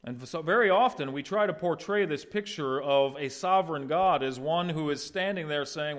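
A man preaching an expository sermon as pastor, swinging between quiet, low passages and loud, raised ones. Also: normal speed, hardly any pauses. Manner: swings from quiet to loud, acting out quoted voices.

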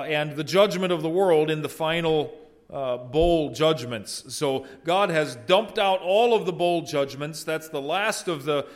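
Guy preaching a sermon, reads scripture, earnest, gets loud on the big words then drops way down. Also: a little high. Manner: earnest, rises loud on exclamations, drops soft at line ends. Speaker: pastor. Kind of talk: expository sermon with scripture reading.

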